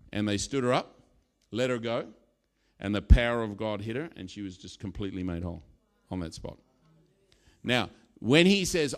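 Animated male preacher telling a story. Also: mid-range voice, moderate pace. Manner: storytelling, animated, acts out quotes with sudden loud bursts. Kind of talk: sermon.

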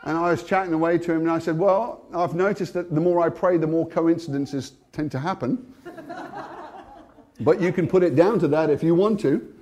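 Animated British man telling a testimony. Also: fairly high pitch, moderate pace. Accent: British English. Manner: animated storytelling, laughs often; swings between hushed and loud. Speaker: Christian speaker. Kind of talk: testimony sermon.

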